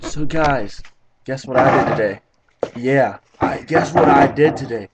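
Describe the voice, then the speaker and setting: A young man doing an impression of a dramatic, gossipy teenage girl who talks in a half-hushed voice. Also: medium pitch, a little slow, heavy background noise, natural voice.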